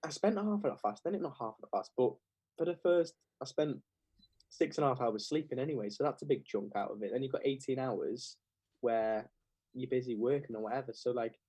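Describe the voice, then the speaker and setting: A man's voice: medium pitch, a little fast, dark tone, husky, no room sound, poor audio. A young man, chatting casually as a podcast guest and scattering "like" through his sentences. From England. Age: young adult. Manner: rambling, heavy with "like" fillers. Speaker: clothing brand founder, guest.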